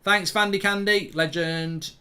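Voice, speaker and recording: A man's voice: high voice, steady tone, measured pace, sharp tone. A man hosting a live football watchalong, chatting and answering viewer questions. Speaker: host.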